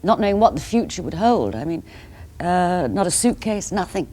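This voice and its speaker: A woman reflecting softly in an interview, her voice sometimes dropping to a near-whisper. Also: fairly low pitch, big pitch swings, moderate pace. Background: music.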